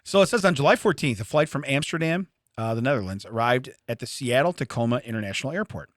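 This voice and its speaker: A man's voice: medium pitch, fast, no echo, studio quality. A man co-hosting a comedy podcast, telling stories in casual chat and laughing often. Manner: animated storytelling, laughs often. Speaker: podcast co-host.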